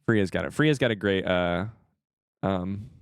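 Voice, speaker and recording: A young adult man hosting a casual live stream, talking to chat and swinging from hushed remarks to loud excited outbursts. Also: sits low, a little slow, smooth, no echo, clean studio sound. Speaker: streamer host.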